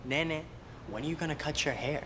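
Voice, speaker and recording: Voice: mid-range voice, fairly quick, fairly bright tone, a little hiss or hum, close to an everyday voice. A young poet voicing their stern older grandmother, scolding in clipped lines.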